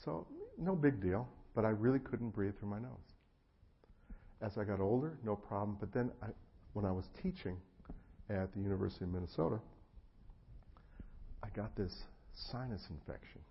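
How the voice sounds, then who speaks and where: A middle-aged man preaching a sermon, telling personal stories, acting out the voices of the people in them and swinging from hushed tones to loud bursts. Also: lowish voice, normal speed, creaky, pauses often, muffled recording, a little hiss or hum. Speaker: pastor. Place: church hall before an audience.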